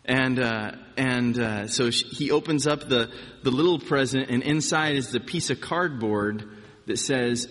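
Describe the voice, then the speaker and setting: A man giving an informal sermon, telling personal stories in a relaxed, conversational way with frequent restarts. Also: medium pitch, a little slow, in a large hall. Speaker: preacher.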